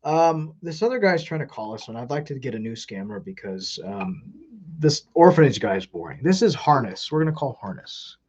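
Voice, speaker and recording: A man's voice: medium pitch, sing-song, a little fast, hardly any pauses, darkish tone, lo-fi sound, a little hiss or hum. A man hosting a live stream, talking casually and rambling with many ums.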